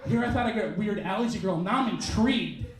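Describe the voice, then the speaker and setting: A male stand-up comedian telling a story on a comedy club stage, with an animated, punchy delivery and quick asides. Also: sits high, background noise. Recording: roomy club sound, mic at a distance.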